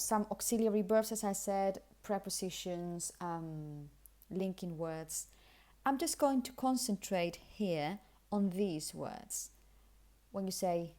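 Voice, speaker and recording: A woman teaching English pronunciation, who says example sentences slowly and then repeats them in a relaxed, weakened way. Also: mid-range voice. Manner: explanatory, demonstrates pronunciation. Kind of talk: pronunciation lesson.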